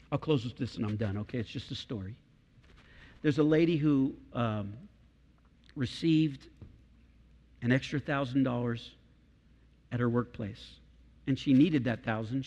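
A man's voice: mid-range voice, a little mellow, muffled recording. A middle-aged man preaching a sermon as pastor, emphatic and repeating key phrases for weight. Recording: long hall reverb.

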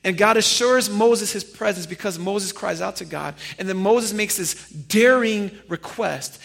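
A man preaching a sermon as pastor, animated and firing rhetorical questions at his congregation. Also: high-pitched, measured pace, gravelly, few pauses. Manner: addresses listeners familiarly.

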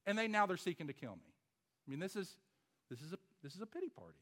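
A man preaching a sermon as pastor, emphatic, with rhetorical questions and swings from loud to hushed. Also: high voice, very animated, quick pace.

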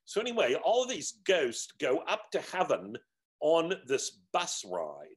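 A man's voice: fairly high pitch, wildly swooping pitch, measured pace. A man reading passages from a book and explaining them in an earnest, reflective way, with some fillers. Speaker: teacher of a book discussion series.

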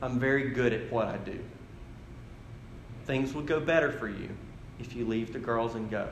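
Man doing ice-cold ex-soldier dad, low quiet threats, roomy sound. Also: gravelly, slight background noise, close to an everyday voice. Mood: menacing. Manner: low, quiet, menacing and measured. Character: cold, calm ex-commando father threatening kidnappers.

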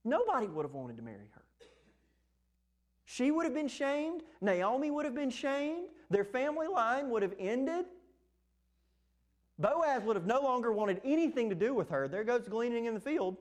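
A man preaching a sermon, lively and animated, acting out the words of the text. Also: normal speed. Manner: animated, acts out scripture quotes with rising pitch.

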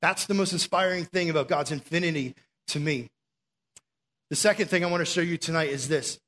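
A young male preacher delivers a sermon with a high voice and a lively, conversational punch. He talks to the room casually, then leans hard into key phrases for emphasis. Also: a little fast.

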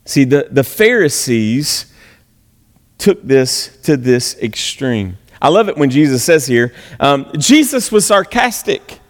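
A man preaching a conversational sermon as pastor, animated and a little sarcastic, asking the congregation questions. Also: medium pitch, takes it slowly. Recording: long hall reverb.

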